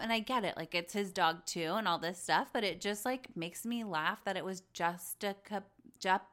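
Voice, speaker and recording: A woman's voice: medium pitch, a bit bright. A young woman hosting a podcast, gossiping about reality TV in a chatty, exasperated way with lots of "like". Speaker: podcast host. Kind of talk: casual reality TV recap.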